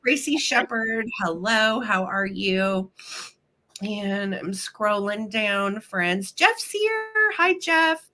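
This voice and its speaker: A woman's voice: mid-range voice, takes it slowly, bright, forceful tone. A woman from Missouri hosting a live vintage sale stream, chatting and greeting viewers by name, her voice a little choked up with a slight cough. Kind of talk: casual live-stream chat.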